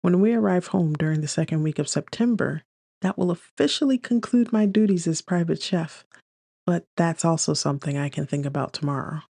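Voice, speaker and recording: A woman reads a first-person romance audiobook with a wry, dreamy inner voice. Her tone is dark and mellow with a gravelly creak. The recording is close and dry. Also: sits low, brisk, no room sound. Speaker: audiobook narrator.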